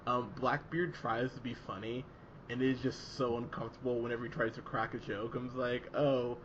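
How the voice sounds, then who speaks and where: A man hosting a casual movie review chat, animated and sarcastic, mocking the film as he talks. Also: mid-range voice, fairly quick, lo-fi sound, a little hiss or hum. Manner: animated, sarcastic, mocks lines in put-on voices. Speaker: podcast host.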